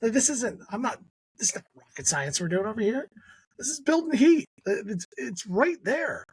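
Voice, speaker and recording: A man's voice: very high voice, big pitch swings, normal speed, husky, no room sound. A man co-hosting a podcast in casual chat, ranting emphatically and critically, often restarting his sentences. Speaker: podcast co-host.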